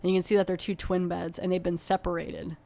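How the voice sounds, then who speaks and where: A woman's voice: on the low side, level tone, quick pace, creaky, warm tone. A woman hosting a podcast, chattily retelling a television episode with many fillers like "you know". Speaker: podcast host. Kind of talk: casual plot retelling.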